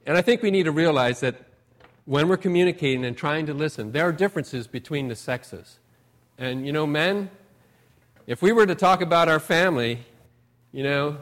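Middle-aged guy pastor, chatty sermon, folksy stories, punches words then trails off quiet. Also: on the high side. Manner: folksy storytelling, rising emphasis then trailing off softly. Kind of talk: conversational sermon.

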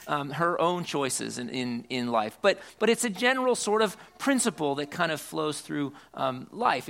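Gravelly high-voiced male pastor preaching. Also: fairly bright tone. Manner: earnest, repeats words as he restarts, reads scripture aloud. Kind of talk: sermon.

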